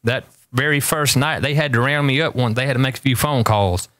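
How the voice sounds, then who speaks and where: With a medium-pitched, slightly fast and somewhat bright voice, this man hosts a show and swaps rambling anecdotes, hammering home repeated warnings. The studio-quality audio is dry, with no echo.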